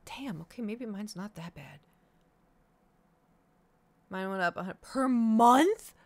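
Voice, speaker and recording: A woman in her thirties chatting with her stream viewers, telling a rambling story in a casual, profane way. She keeps acting out her own reactions as she goes, at a middle pitch for a woman. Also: animated, measured pace, gravelly, slightly rough, no echo. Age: 30s. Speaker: livestreamer.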